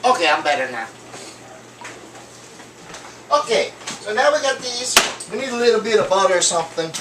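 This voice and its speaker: A man's voice: high-pitched, big pitch swings, normal speed, background noise. A man hosting a homemade cooking show, rambling and joking as he cooks, with lots of fillers and offhand asides. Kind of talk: casual comedic cooking demo. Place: home kitchen. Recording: echoey kitchen, far from mic, clattering pans. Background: clinking dishes, pots and cutlery.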